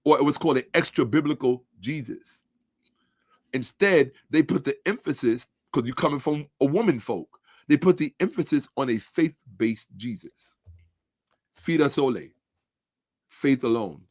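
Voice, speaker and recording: A man's voice: mid-range voice, lively intonation, a little slow, no room sound, clean studio sound. A man in a combative commentary monologue, sarcastic and repeating his points for emphasis, dropping to a mutter while he checks his screen.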